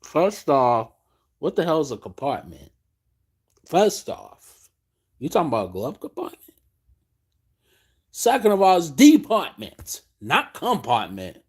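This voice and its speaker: Male stream host, exasperated profane ranter, unhurried delivery. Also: fairly high pitch, sing-song, a little mellow, breathy edge. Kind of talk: late-night live stream rant.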